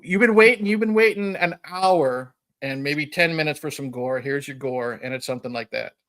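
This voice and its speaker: Podcast host guy, bright and a bit high-pitched, rambling chuckly film recap. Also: moderate pace. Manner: rambling, chuckling retelling with frequent "you know". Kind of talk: casual chat recapping a film.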